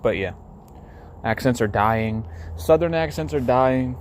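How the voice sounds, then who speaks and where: A man's voice: medium pitch, a little slow, a little hiss or hum. A man from the United States rambling on a solo podcast, swearing freely and filling gaps with fillers. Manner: rambling, profane, full of fillers. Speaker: podcast host.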